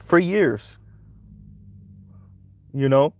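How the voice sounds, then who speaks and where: A man's voice: a little high, lively intonation, extremely slow, no echo, highs cut off. A man hosting a commentary channel, giving a casual monologue that keeps checking in with "right?". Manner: conversational, repeats "right?" often.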